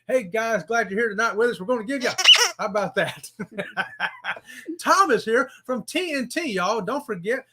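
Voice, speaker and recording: Co-hosting a casual cruise channel livestream, this man reads out viewer comments in a high, sharp voice. He's folksy and upbeat, throwing in "y'all" and "howdy."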